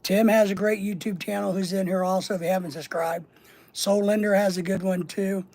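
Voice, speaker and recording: His voice sits high and steady, brisk yet a little mellow: a middle-aged man hosting an informal livestream. He works through the chat with rambling jokes, frequently repeating words and listing items.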